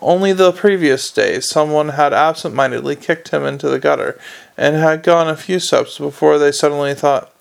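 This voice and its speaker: A man's voice: on the high side, moderate pace, gravelly, clear, resonant tone. A man reading a comic fantasy novel aloud as an audiobook narrator, telling it in a dry manner.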